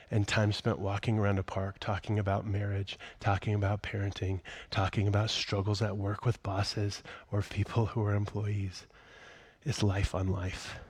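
A middle-aged man preaching a sermon in a conversational way, dropping to hushed whispers on key phrases. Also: fairly low pitch, no room sound. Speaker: pastor.

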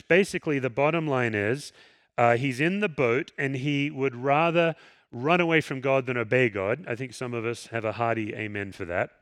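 A man delivers a sermon in a casual, storytelling manner, slipping into the voices of the people in the story. His voice sits at an ordinary middle pitch. The sound is close and dry, with almost no room echo. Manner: conversational, animated storytelling with acted quotes. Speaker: pastor.

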